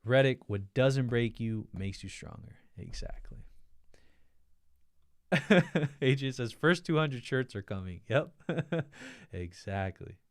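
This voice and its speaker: Man, livestream host, smooth clear voice, dry close sound, reads chat aloud, thankful and chatty. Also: medium pitch, expressive, takes it slowly, no echo. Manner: reads viewer comments aloud, thanks them effusively, laughs often.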